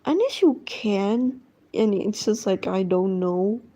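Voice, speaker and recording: A woman's voice: medium pitch, animated, slow, warm tone. A woman chatting casually while she draws, rambling along with lots of fillers and trailing thoughts. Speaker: drawing streamer. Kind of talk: casual chat while drawing.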